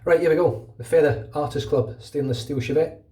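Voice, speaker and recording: A man's voice: a little high, warm tone, distant mic. Chatty Glaswegian man in an echoey room. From Scotland. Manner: chatty, fast-talking, asides like "know what I mean". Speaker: wet shaving channel host. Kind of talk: casual talk over a shave.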